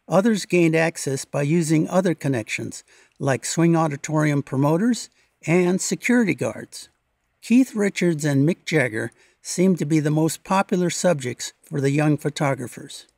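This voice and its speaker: Documentary narrator, male, slightly high voice with a gravelly fry, measured read-aloud delivery, dry close-miked voice-over. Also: darkish tone, dry recording. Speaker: local history narrator.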